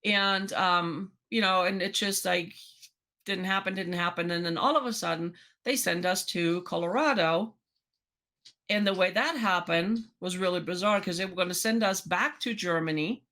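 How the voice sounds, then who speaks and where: A woman's voice: lowish voice, normal speed, bright, forceful tone. A woman co-hosting a podcast, telling a personal story in casual chat with lots of restarts and quoted dialogue. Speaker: podcast co-host.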